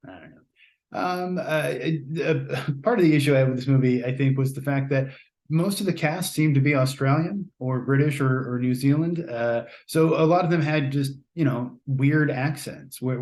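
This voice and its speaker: A man's voice: medium pitch, moderate pace. Rambling American man reviewing a film. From United States. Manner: relaxed and rambling, many fillers and restarts. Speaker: podcast host reviewing a film. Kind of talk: casual spoken review.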